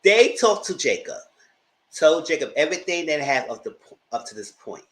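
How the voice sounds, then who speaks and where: A man's voice: normal speed, low-quality recording. A man giving a casual, dramatic recap of a reality TV episode, acting out quotes and laughing often. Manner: animated storyteller, acts out quotes with high-pitched outbursts. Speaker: TV show reviewer.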